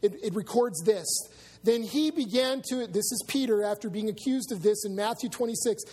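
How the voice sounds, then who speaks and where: High-voiced preacher in a reverberant church. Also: male voice, normal speed, a little mellow, breathy edge. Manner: conversational preaching with asides to the congregation. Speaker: pastor. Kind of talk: sermon. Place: church sanctuary.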